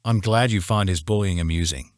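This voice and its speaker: A cocky, teasing young man from a storybook, quick with a joke and never serious for long, as a male narrator puts him on. His voice sits low and deep, recorded close and dry. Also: no room sound, natural voice. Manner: playful, teasing. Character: joking brash young man, teasing friend.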